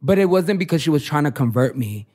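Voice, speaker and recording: A man's voice: a little high, lively intonation, fast, a little mellow. Chatty man telling personal stories. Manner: chatty storytelling, many filler likes. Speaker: fashion designer guest. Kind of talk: casual interview chat.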